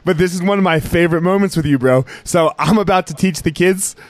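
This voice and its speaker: A man's voice: high-pitched, fast, no echo. A man hosting a casual podcast, laughing often and prompting stories. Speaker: podcast host. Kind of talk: casual chat.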